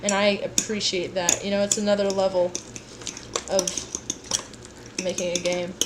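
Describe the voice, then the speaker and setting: Cooking at home for her chat, this weary young livestreamer rambles along playfully, tossing in sing-song asides. She speaks at medium pitch with little movement in it and at a moderate pace. Kitchen clatter comes through clearly amid the background noise.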